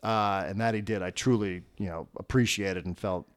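A man's voice: lowish voice, moderate pace. A sports radio host, a man, telling stories in a casual talk and acting out what others said. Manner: animated storyteller, acts out quotes.

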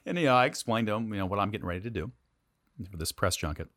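A middle-aged man, a TV news anchor, telling a story from his career in an animated interview voice that swings between loud and quiet. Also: lowish voice, very fast, dry recording, studio quality.

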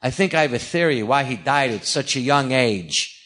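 A man mimicking an eccentric older film star who talks in slow, halting, deadpan phrases and pauses in odd places. The voice sits a little higher than the man's own. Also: lightly acted.

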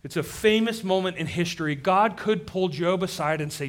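A pastor delivers a sermon in a slightly high-pitched voice. He talks in a direct, engaged way, pushes hard on key points, then drops low and quiet to drive them home. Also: normal speed, few pauses. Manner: dynamic preaching, drops to quiet emphasis.

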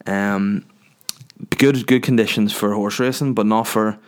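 A man's voice: lowish voice, fairly even intonation, a little slow. A young man rambling through a crude, self-deprecating comic story.

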